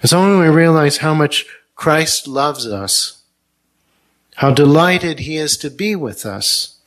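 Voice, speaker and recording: A man preaching a sermon in a slow, gentle, earnest manner. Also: on the high side, animated.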